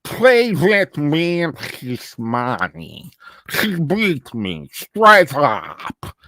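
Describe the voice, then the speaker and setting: A menacing, drunken Russian poker boss done by a man, his patchy Russian accent dragging out every syllable. He speaks slowly and heavily over a dry, close mic. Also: a little high, wildly swooping pitch, bright, forceful tone, no room sound, exaggerated voice. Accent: patchy put-on Russian.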